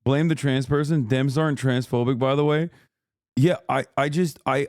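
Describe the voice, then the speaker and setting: A man's voice: medium pitch, steady tone, moderate pace, darkish tone, no echo, clean studio sound. A man streaming live, reacting to the news in a profane, exasperated rant to his chat.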